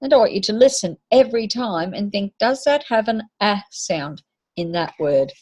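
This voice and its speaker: A woman's voice: medium pitch, animated, normal speed, darkish tone. A woman teacher giving a patient phonics lesson to young children, sounding out letters and words.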